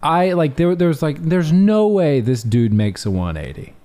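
A man co-hosts a casual film podcast. His pitch swings freely as he talks. He is reflective and a little halting, often backing up to restart a sentence. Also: lively intonation, warm tone. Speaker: podcast co-host. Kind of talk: casual movie recap chat.

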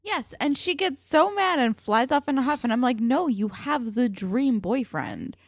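A woman's voice: sits high, lively intonation, moderate pace, no room sound. A young woman co-hosting a casual podcast, blunt and exasperated, swearing freely as she vents. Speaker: podcast co-host. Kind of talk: casual chat.

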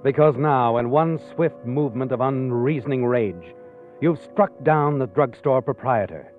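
A man giving measured, ominous second-person narration for a radio drama. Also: mid-range voice. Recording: lo-fi old radio recording with music.

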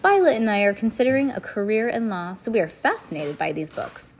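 A woman's voice: medium pitch, big pitch swings, fairly quick, a little hiss or hum, pitched above the performer's own voice. Woman doing a serious, bookish boy. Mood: firm.

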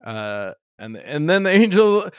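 A man hosting a casual podcast, retelling a story in an animated, joking way. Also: fairly high pitch, measured pace, clear, resonant tone, no room sound, studio quality. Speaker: podcast host. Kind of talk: casual bible discussion.

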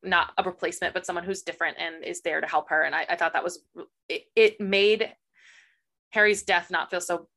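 A woman's voice: lowish voice, steady tone, fairly quick, gravelly, a bit bright. A woman co-hosting a casual book podcast, giving candid opinions. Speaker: podcast co-host.

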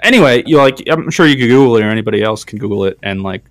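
A man's voice: mid-range voice, expressive, rapid-fire, dry recording. A man co-hosting a casual podcast, eagerly rambling through explanations with many "like"s. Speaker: podcast co-host.

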